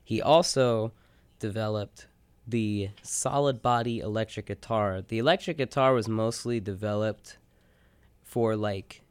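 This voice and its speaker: A man's voice: lowish voice, measured pace, smooth, dry recording. A young man co-hosting a college radio show, rambling casually with lots of "like" and "you know". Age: young adult. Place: radio studio. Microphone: studio microphone.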